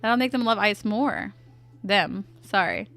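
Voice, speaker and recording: Playful bright-voiced woman streaming her drawing. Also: mid-range voice, animated, measured pace. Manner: playful, chatty, reacts to chat aloud. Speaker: artist streamer. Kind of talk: casual livestream chat while drawing.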